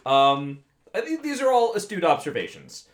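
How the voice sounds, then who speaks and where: A man's voice: high voice, very animated, normal speed. Wry male podcast co-host. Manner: wry, joking. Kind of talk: casual chat.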